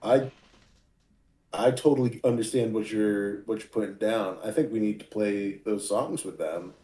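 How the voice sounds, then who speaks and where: A man's voice: on the low side, normal speed, mellow. A man as an easygoing, enthusiastic tabletop game player. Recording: roomy echo.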